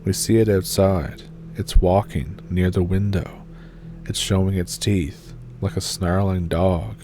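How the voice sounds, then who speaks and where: A man with a low, dark voice tells a first-person horror story in a steady, measured read. His mellow tone sits over a faint hiss. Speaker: story narrator.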